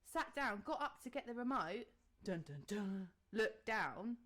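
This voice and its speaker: A woman's voice: medium pitch, expressive, measured pace, fairly bright tone. Chatty woman telling a story. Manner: storytelling, acts out her own reactions, swears casually. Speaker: podcast co-host. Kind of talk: casual chat.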